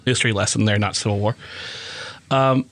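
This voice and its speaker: A man's voice: on the low side, steady tone, a little fast, fairly bright tone. A man co-hosting a podcast who asks questions hesitantly in casual chat.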